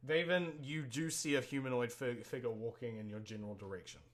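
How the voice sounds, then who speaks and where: A man narrating a tabletop game as game master, pausing often with fillers and restarts. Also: mid-range voice, steady tone. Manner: halting, many fillers and restarts. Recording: noisy home mic.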